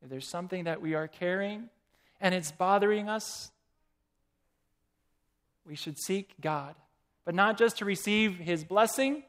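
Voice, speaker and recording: A man's voice: high-pitched, fairly bright tone. A man preaching a sermon, asking the congregation questions and reading quotations aloud.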